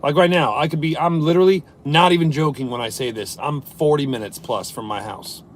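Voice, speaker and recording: A man's voice: fairly high pitch, brisk, a little hiss or hum. A man who works as a service plumber chatting casually on a live stream from inside his work van, reading viewer comments and joking loosely.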